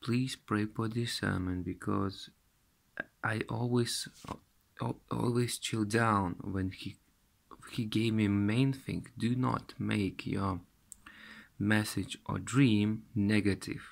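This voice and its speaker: A man retelling a dream in halting, broken English, with many restarts and a tearful stretch. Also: on the low side, steady tone, creaky. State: tearful, weeping while retelling.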